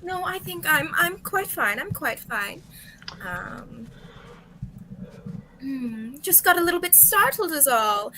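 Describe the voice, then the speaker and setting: A woman's voice: high-pitched, big pitch swings, takes it slowly, long pauses, background noise, heavily acted. A woman voicing a poised, prim aristocratic lady in a tabletop role-play. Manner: prim and formal.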